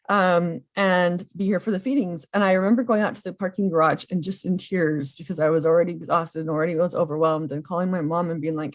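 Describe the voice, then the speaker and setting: A woman in her thirties telling a personal story earnestly, often pausing with ums. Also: lowish voice, steady tone. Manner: earnest and emotional, with frequent ums. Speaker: podcast guest, foster and adoptive mother.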